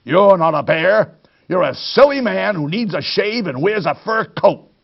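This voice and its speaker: A man's voice: high voice, expressive, unhurried, creaky, highs cut off, pitched above the performer's own voice, heavily acted. Man doing a barking bossy foreman. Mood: angry. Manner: barking orders.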